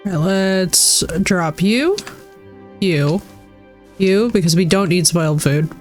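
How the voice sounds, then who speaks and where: A woman's voice: on the low side, slow, faint music behind. A woman streamer chatting casually with her viewers while playing a game, laughing and swearing as she goes. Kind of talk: casual live-stream chat over gameplay.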